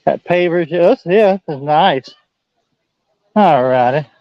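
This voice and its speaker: A man's voice: on the high side, expressive, a little slow, no echo, highs cut off. A man casually chatting outdoors beside a stream, giving easygoing short replies. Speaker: host's husband, co-host. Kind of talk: casual chat. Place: outdoors by a waterfall.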